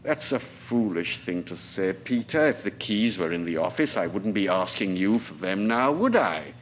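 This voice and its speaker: A man's voice: low voice, sing-song, moderate pace, slight background noise. A man voicing a domineering, sarcastic older colonel who taunts his staff. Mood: scolding. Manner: cutting, taunting.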